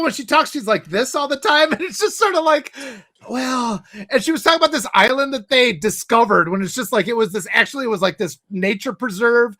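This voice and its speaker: Bright, high-voiced woman chatting animatedly. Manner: animated, rambling, laughs often. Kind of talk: casual chat.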